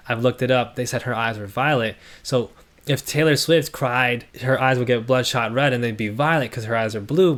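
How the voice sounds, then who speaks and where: A man's voice: mid-range voice, a bit bright. Sarcastic man picking lyrics apart. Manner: sarcastic, critical, thinking aloud. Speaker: streamer reviewing song lyrics. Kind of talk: casual commentary, reading lyrics aloud.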